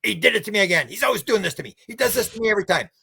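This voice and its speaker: A man's voice: high-pitched, big pitch swings, racing, gravelly, pushed and bright, breathy edge, voice pushed up, full character voice. A man voicing a frightened former preacher under regression, who describes what he sees in a breathless, startled way. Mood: aggrieved.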